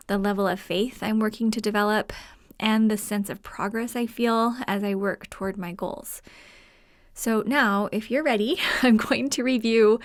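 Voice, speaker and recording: A woman's voice: a little high, a bit bright, no room sound, clean studio sound. A woman hosting her own podcast alone from a room at home, chatting casually with many fillers and frequent laughter. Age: adult mother. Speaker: podcast host. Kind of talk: solo podcast talk.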